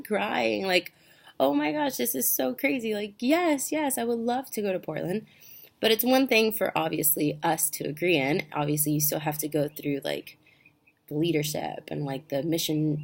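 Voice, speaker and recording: A young woman with a low-pitched voice shares a personal testimony at home. She talks in a chatty, heartfelt way, full of "like" and "um" as she goes. It sounds like a casual video update. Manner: chatty and heartfelt, many fillers like "like" and "um". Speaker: ministry student sharing a testimony.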